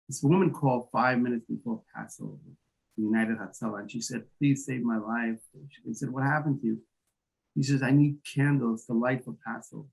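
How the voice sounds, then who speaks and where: Gravelly man telling a story haltingly. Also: medium pitch, rough recording. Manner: halting, with many restarts and repeated words. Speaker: guest, founder of an emergency medical volunteer group. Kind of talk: emotional storytelling in an interview.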